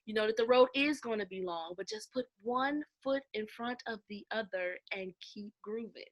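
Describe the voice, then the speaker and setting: A woman's voice: fairly high pitch, normal speed. A middle-aged woman minister talking animatedly in an interview, laughing often and speaking with emphasis. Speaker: guest, minister and author. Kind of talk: casual interview conversation.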